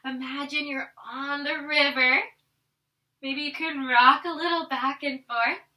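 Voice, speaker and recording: A woman's voice: high-pitched, steady tone, measured pace, pushed and bright, far from the mic, low-quality recording. A woman teaching a guided family yoga class, playful and encouraging, counting through each pose aloud. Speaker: yoga instructor.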